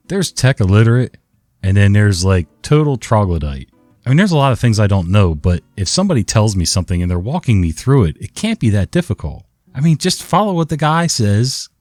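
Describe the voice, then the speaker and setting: A man's voice: lowish voice, a little mellow, dry recording. Exasperated man reading tech stories. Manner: exasperated and sarcastic. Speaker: storytelling channel host.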